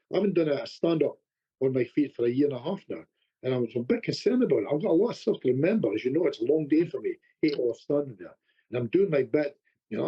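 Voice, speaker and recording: A man who works as a hypnotherapist, a guest telling animated stories in a podcast conversation, often restarting his sentences. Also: medium pitch, slightly rough, dull audio. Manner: animated anecdotes with repeated restarts.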